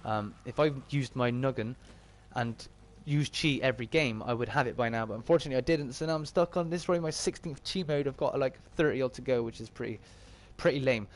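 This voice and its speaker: A game streamer from Bristol, England, with a Bristolian accent, gives chatty live-stream commentary as he plays and answers his chat. His medium-pitched voice moves at a quick pace with hardly any pauses.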